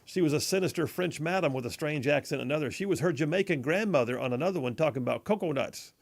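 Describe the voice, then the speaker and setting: A man hosting a conservative talk radio show in a studio, mocking and animated, stretching words for emphasis. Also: on the high side, quick pace, vocal fry. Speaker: radio host. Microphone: studio mic.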